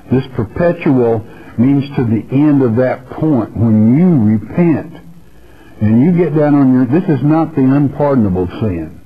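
A man's voice: medium pitch, dull audio. A man teaching the Bible verse by verse on a radio broadcast, earnest and repetitive, calling the listener his friend. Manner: earnest, repeats phrases, addresses listener as friend. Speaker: preacher.

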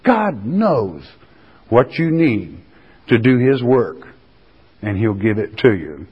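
A man delivers a sermon in a folksy, plain-spoken way, drawing out the scripture he reads for weight. His voice is husky and unhurried. The recording is muffled and rings with a long hall reverb. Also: mid-range voice, sing-song. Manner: folksy, drawn-out emphatic reading of scripture. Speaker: preacher.

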